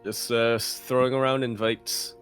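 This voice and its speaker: A man's voice: mid-range voice, level tone, moderate pace, fairly bright tone, faint music behind. A man co-casting a live esports tournament in laid-back, joking banter with frequent laughs. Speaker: esports co-caster. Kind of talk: casual live commentary banter.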